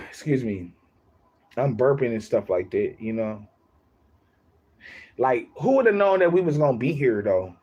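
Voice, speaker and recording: A man's voice: mid-range voice, expressive, measured pace, long pauses, warm tone, breathy edge, dull audio. A young man chatting casually on his livestream, rambling, repeating himself and laughing often.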